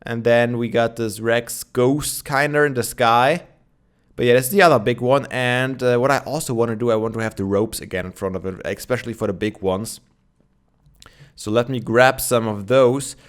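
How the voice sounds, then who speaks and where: A man's voice: mid-range voice, steady tone, moderate pace. A young man giving casual gameplay commentary, chatting and thinking aloud with many fillers, with his morning voice. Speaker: Minecraft let's player.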